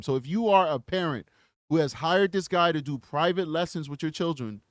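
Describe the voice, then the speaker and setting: A man hosts a true-crime livestream with a slightly high voice, animated and mocking, calling out to his chat. The sound is close and dry, with no room around it. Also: no echo. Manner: animated, mocking, chats with viewers. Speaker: livestream host.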